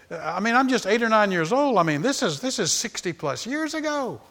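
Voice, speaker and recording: A man in his sixties preaching a sermon, telling stories that start low and soft and build to loud, high, animated peaks. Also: a little fast. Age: 60s. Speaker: pastor. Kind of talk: sermon storytelling.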